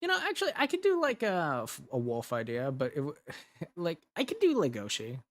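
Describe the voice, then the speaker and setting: Pitched on the high side with huge swings, a young man talks briskly in a dry recording. An audio drama creator, he's casually brainstorming, rambling, giggling, and stopping himself short as he laughs.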